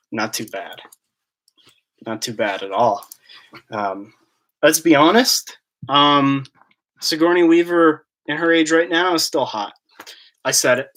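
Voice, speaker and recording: A YouTube collector channel host runs a casual live-stream Q&A, rambling and joking as he reads and answers chat questions. His voice is a little high and a bit bright.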